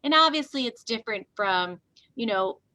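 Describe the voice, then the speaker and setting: A woman's voice: a little high, lively intonation, moderate pace, bright, forceful tone, no echo. A woman co-hosting a casual discussion, thinking aloud and searching for her words as she goes. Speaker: co-host.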